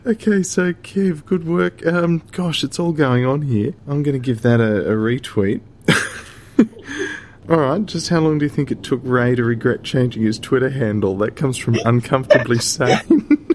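A man co-hosting a casual chat, reading out tweets in a giggly, animated way. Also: medium pitch, a little slow. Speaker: podcast co-host.

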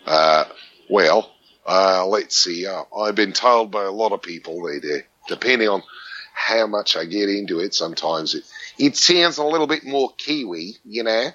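A man, a voice actor, chatting casually on a podcast, animated and playful, slipping into mock anger and quick voices. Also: fairly low pitch, muffled recording. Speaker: voice actor guest.

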